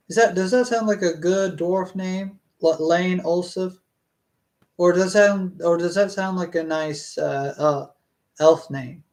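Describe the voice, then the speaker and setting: A streamer reads a fantasy novel aloud to a live chat at an unhurried, drawn-out pace. The reading keeps breaking into hesitant, rambling tangents with restarts and trailing asides, in a casual, conversational tone. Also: mid-range voice, darkish tone.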